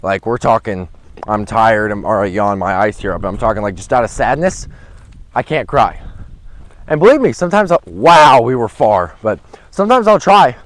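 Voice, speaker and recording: A man vlogging a round on an outdoor disc golf course, chatting and rambling on a handheld camera, with excited outbursts at his throws. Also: fairly low pitch, moderate pace, no echo. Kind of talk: casual commentary while playing. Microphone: handheld camera without a gimbal.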